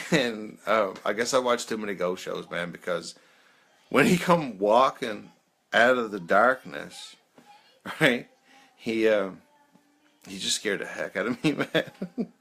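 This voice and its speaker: Bright-voiced man telling stories, laughing. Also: lowish voice, expressive, slow pace, creaky, long pauses, slightly rough. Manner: rambling, laughs often, says "man" a lot. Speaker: host of a peer support live chat. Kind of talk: casual storytelling on a live video.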